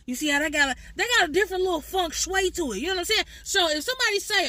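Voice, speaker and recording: A woman with a Chicago accent, casually explaining slang in a playful, profane, animated way. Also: extremely high pitch, very fast, hardly any pauses, no echo.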